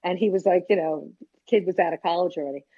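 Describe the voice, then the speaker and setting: A woman's voice: lowish voice, quick pace, breathy edge. An older woman stand-up comic trading brash stories and punchlines in a casual interview. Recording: dull lo-fi sound.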